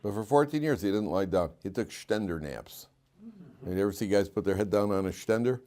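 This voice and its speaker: A middle-aged man, a rabbi giving a Torah class, speaks in a lowish voice with animated swings in pitch. He stretches important phrases slowly and loudly and quizzes his listeners. For wry asides he drops low and quiet.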